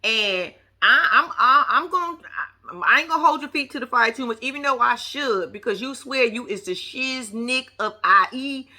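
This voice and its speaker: A vlogger reviewing a reality show, this woman offers sassy, slangy, animated commentary aimed straight at the screen. Her voice is fairly high and her speed normal.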